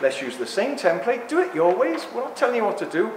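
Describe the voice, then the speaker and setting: A middle-aged man giving an impassioned talk to a live audience, excitable and ranting, acting out other people's voices as he goes. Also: sits high, quick pace, slight background noise. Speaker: speaker at a talk. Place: indoor talk venue. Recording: echoey hall with faint ambience.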